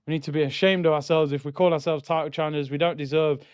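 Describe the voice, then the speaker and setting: Excitable man reacting to football. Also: fairly high pitch, quick pace, clean tone, no room sound, muffled recording. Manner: excitable, shouts at goals, then grumbles and reads comments. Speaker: football watchalong streamer. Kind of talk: live match reaction with chat reading.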